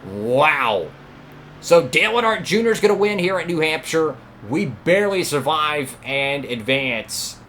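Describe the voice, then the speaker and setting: A young man commentating his own racing game run, excitable and talking at the other drivers. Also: a little high, moderate pace, hardly any pauses, a little hiss or hum. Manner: excitable, talks to rival drivers, frequent outbursts. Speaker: gaming channel host.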